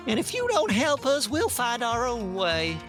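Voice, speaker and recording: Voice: medium pitch, wildly swooping pitch, moderate pace, over music, pitched above the performer's own voice. A man voicing a group of angry saloon girls demanding justice, in a defiant raised voice.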